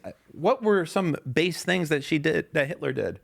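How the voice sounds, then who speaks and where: A man with a gravelly, creaky voice hosts a casual podcast chat. He reads posts aloud in a sarcastic, mocking tone, full of fillers and asides. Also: on the high side, animated, fairly quick. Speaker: podcast host.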